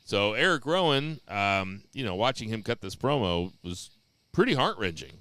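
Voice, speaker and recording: Podcast co-host, male, lowish voice, bright and crisp, blunt deadpan delivery, dry close mic. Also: moderate pace, no room sound. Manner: blunt, swears freely, deadpan jokes. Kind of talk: casual wrestling podcast chat.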